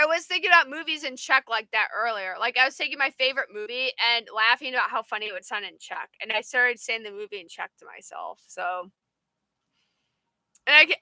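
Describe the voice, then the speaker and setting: Bright high-voiced woman chatting. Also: dry recording. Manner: chatty, rambling, answers viewer comments. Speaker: livestream host. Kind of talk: casual live chat.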